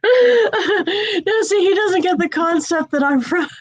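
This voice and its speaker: A woman's voice: very high-pitched, expressive, slow pace, no room sound, poor audio. A woman from New England hosting a casual video chat, telling anecdotes and laughing often. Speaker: host.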